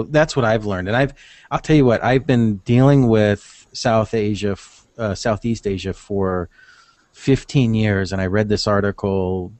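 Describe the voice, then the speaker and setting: A lower-pitched man talks through his experience in a loose, rambling manner, often restarting his sentences. The sound is dry and close, with no room around it. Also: a little mellow, no echo. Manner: rambling, thinks aloud with restarts. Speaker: podcast guest. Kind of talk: casual conversational advice.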